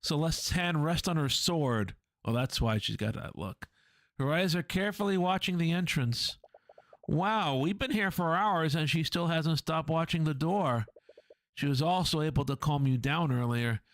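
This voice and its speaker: A man gives a dramatic read-through of a visual novel, lively as he voices each character and adds his own asides. His voice is a little high at a moderate pace, with no echo.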